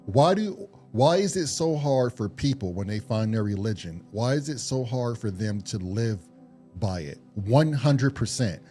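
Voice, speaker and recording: Animated man with a lively pitch. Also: unhurried, soft background music. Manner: animated, blunt, swearing, asks pointed questions. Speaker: podcast co-host. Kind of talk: casual chat.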